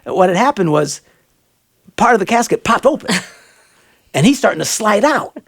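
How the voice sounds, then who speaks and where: A man hosting a radio talk show, telling animated stories in a casual chat. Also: normal speed, gravelly. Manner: animated storyteller, jumps into high excited voices. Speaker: radio host.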